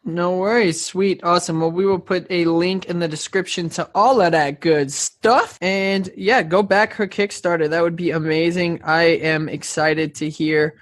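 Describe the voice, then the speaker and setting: A man's voice: sits high, steady tone, normal speed, few pauses, fairly bright tone, dry recording. A man hosting a casual interview show, chatty and encouraging as he talks with his guest. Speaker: podcast host.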